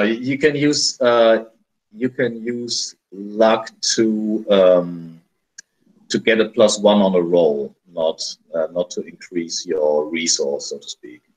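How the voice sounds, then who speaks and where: A man guides the players through a tabletop game, taking his time. His voice sits low and his delivery is slow and halting, full of fillers as he works out each ruling. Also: darkish tone, poor audio. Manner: hesitant, many fillers and restarts. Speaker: game master. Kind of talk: running a tabletop game over a call.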